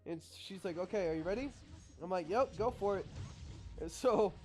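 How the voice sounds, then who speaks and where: A man's voice: high voice, moderate pace, faint music behind. A young man telling a story in a casual, rambling way, swearing freely and acting out both sides of each exchange. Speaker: vlogger.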